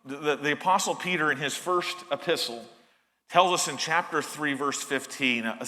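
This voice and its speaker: With a long reverb tail trailing his mid-range, bright, pushed voice, a man preaches as pastor in a church sanctuary. He is emphatic and earnest, often beginning phrases again.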